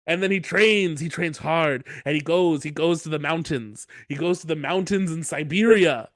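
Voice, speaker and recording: A man co-hosting a casual podcast, excitedly retelling a movie plot and acting out its lines with frequent laughter. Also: a little high, normal speed, dry recording, clean studio sound. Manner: excitable storyteller, acts out lines, laughs often. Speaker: podcast co-host.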